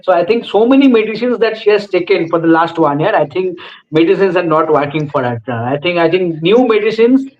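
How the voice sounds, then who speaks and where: A man's voice: high-pitched, expressive, brisk. A man giving cricket analysis on a casual live show, hedging often with "I think" and restarting his sentences. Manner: hesitant, many restarts and "I think". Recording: dull lo-fi stream audio.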